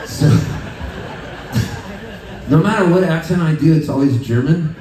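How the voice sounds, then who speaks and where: A man performing live on stage, a loose, joking storyteller who laughs often and talks between fast patter songs. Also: fairly high pitch, crowd noise, noisy background. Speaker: singer-songwriter performing live. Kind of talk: rambling stage banter and fast patter singing. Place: music hall at a festival, live audience. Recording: roomy live hall, heard from a distance, with band music.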